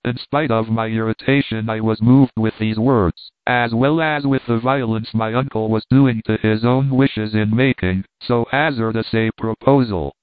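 A man reading a novel aloud as an audiobook narrator, in measured, steady storytelling. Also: lowish voice, dry recording. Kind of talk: scripted narration. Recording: dry, phone-like narrow sound.

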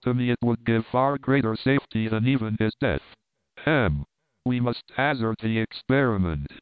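A man's voice: medium pitch, clear, resonant tone, no echo, natural voice. A man reading a cold scheming old Egyptian. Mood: brooding. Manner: grave, measured and menacing. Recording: tinny phone-like sound.

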